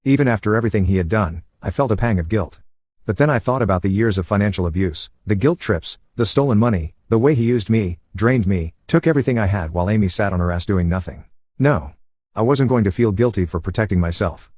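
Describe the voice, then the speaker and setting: A man narrating a first-person story in an even, steady voice over gameplay. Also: on the low side, fast talker, husky, no echo, clean studio sound.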